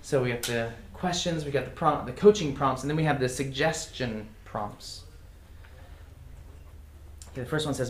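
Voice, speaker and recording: A man's voice: mid-range voice, normal speed, long pauses. A man teaching a casual class, reading example phrases aloud and chuckling often. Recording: echoey room with faint noise.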